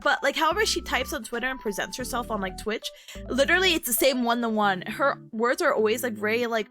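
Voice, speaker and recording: A woman's voice: fairly high pitch, animated, fast, a bit bright, soft background music. A young woman casually recapping a convention on stream, telling stories in a bubbly, giggly way. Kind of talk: casual chat.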